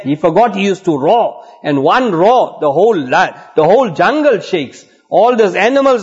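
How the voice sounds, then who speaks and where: Husky-voiced man preaching a sermon. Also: high voice. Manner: storytelling, earnest and exhorting. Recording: dull lo-fi recording.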